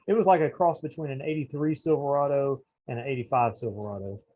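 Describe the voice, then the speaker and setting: Husky-voiced man rambling in casual chat. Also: mid-range voice, fast talker, warm tone, low-quality recording. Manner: rambling, hesitant, searches for words. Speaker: podcast co-host.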